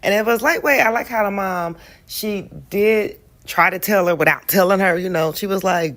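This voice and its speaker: A woman's voice: medium pitch, moderate pace. A woman hosting a reaction video, commenting casually and expressively. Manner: expressive, exclaiming, chatty. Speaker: reaction host.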